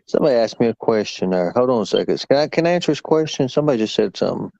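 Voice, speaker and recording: A man trading crude, laughing jokes in a casual live chat, his slangy talk dropping low and quiet when he turns aside. The stream audio is dull and lo-fi, and the sound is dry and close. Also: animated, very fast, creaky, dry recording. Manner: loud, crude, laughing banter with drawling Southern-style slang.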